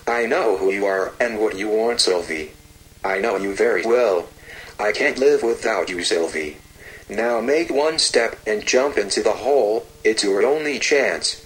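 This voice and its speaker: A man voicing a living shadow in a storybook tale, with a low, dark, coaxing voice. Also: a little slow, slight background noise, natural voice, poor audio. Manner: coaxing, insistent. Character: girl's own shadow, low dark insistent voice.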